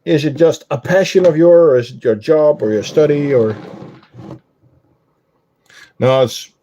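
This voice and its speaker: A man's voice: a little high, a little slow, dark tone, highs cut off, slight background noise. A man with a Dutch accent, chatting casually with live-stream viewers while showing his ant colonies, with frequent ums. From Netherlands.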